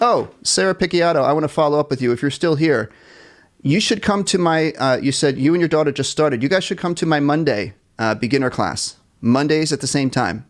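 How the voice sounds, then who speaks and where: A man's voice: fairly high pitch, brisk, faint music behind. Upbeat man teaching a live jazz class. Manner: upbeat and encouraging, counts off and scats melodies; self-deprecating about small mistakes. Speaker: music teacher.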